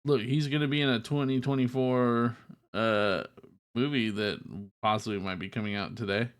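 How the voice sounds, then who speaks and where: An easygoing man with a voice of ordinary pitch chats as a podcast co-host. He keeps a relaxed conversational flow and curses now and then. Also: normal speed, clean tone. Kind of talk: casual chat.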